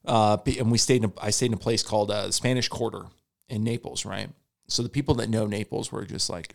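A man with a gravelly, fry-edged voice that sits on the low side chats in a loose podcast style. He rambles, doubles back on his words and curses freely, slipping into quick quoted asides. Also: steady tone. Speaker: stand-up comedian. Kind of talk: casual podcast chat.

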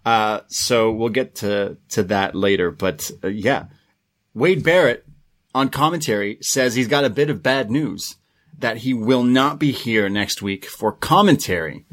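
A man co-hosting a podcast, recapping events in a relaxed, rambling play-by-play with plenty of fillers. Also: fairly low pitch, a little slow. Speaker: podcast co-host. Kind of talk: casual recap chat.

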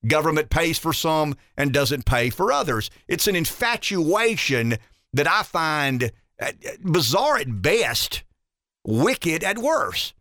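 A rural Southern man hosts a talk radio show in a lively, up-and-down voice. His tone is bright and forceful, and he is emphatic and folksy, doubling back on words as he builds each point. The studio sound is close and dry. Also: fairly high pitch, slow pace, no echo. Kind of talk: opinionated talk radio commentary.

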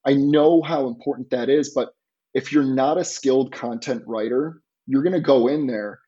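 A man's voice: medium pitch, moderate pace, warm tone. Explanatory male guest, dull lo-fi sound. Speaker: podcast guest. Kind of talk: casual podcast interview.

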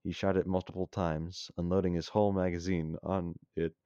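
A man with a very low, dark voice reads his own story aloud in a dry, offhand way, pausing to redo flubbed lines. The sound is close and dry, and a bit dull and lo-fi. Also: little pitch movement, clean tone, no room sound. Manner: casual, dry, stops to retake lines. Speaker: podcast host and story reader. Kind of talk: reading a self-written story aloud.

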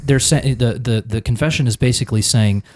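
An American man with a medium-pitched, a little mellow voice, speaking a little fast, casually discusses a church confession. He thinks aloud, restarting often and repeating words.

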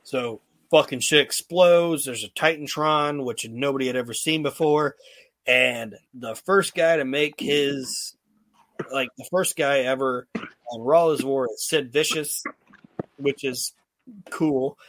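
A man's voice: medium pitch, slow pace, a bit bright, no echo. A male podcast host recapping old wrestling shows in casual, profanity-laced storytelling.

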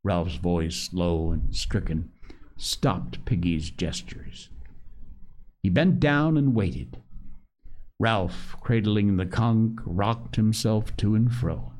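A man reading a novel aloud in a measured, dramatic way. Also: low voice, darkish tone. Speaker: reader.

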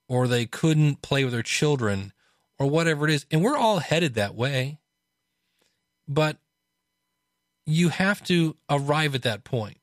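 A man casually talking through a book he is reading, chatty, with restarts and animated asides. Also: medium pitch, no echo, clean studio sound. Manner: conversational, frequent restarts and fillers. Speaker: podcast host reviewing a book.

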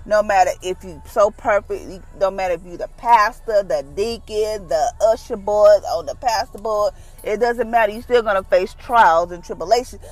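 A woman's voice: mid-range voice, moderate pace, few pauses, faint music behind, low-quality recording. Woman giving a casual devotional talk. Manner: conversational, relaxed, folksy. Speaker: devotional podcast host.

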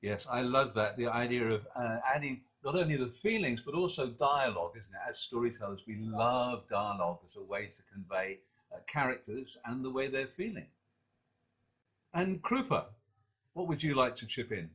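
A man's voice: mid-range voice, animated, moderate pace, fairly bright tone, slightly rough. A man leading a panel on storytelling, explaining methods and handing the turn to each guest in an encouraging, conversational way. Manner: encouraging, conversational, hands turns to others. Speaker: discussion host, storyteller.

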